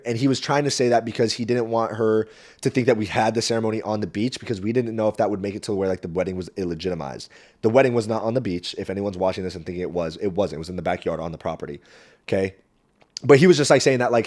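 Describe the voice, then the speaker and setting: A man's voice: lowish voice, fast. A young man telling a story on his podcast in a casual, rambling way, swearing freely and often saying "like" and "um". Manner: animated, profane, rambling with frequent fillers. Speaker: podcast host.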